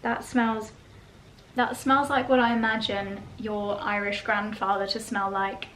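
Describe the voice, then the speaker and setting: A woman's voice: medium pitch, little pitch movement, measured pace, fairly bright tone, slight background noise, low-quality recording. A woman hosting her own vlog, chatting casually and gushing as she unboxes gifts. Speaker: vlog host.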